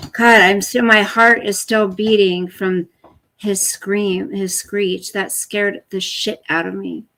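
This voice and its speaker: An older woman chatting casually with her live stream viewers, rambling between stories and stopping to coo softly at her dog. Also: mid-range voice, fairly even intonation, slow, pauses often, poor audio. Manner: chatty, rambling, talks to her dog in soft baby talk.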